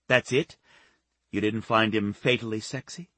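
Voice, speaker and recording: Jessica, a hostess in a spoken storybook, teases her friend with a knowing, playful edge, as a male narrator puts her on. The voice sits low and slightly husky, recorded close and dry. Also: fairly even intonation, a little slow, sharp tone, dry recording. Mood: teasing. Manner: teasing, meaningful. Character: woman, Jessica, teasing hostess.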